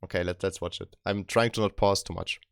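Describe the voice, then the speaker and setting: Low-voiced laid-back male streamer. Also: fairly even intonation, brisk, gravelly, a bit bright, clear, resonant tone, dry recording, clean studio sound, soft background music. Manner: keeps voice down, chill and chatty. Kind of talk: casual live-stream chat.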